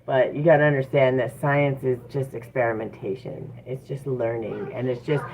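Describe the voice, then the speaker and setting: A woman's voice: rumbling low, steady tone, moderate pace, a little mellow. A woman giving a casual livestream tarot reading, chatty and encouraging, with frequent fillers. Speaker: tarot reader. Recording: tinny phone-like audio with faint noise.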